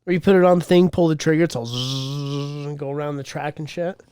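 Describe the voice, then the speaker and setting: A man's voice: a little high, steady tone, a little fast, darkish tone, clean tone, dry recording, clean studio sound. A man hosting a podcast, ribbing his co-host in crude, profane casual banter. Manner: crude, teasing, heavy swearing.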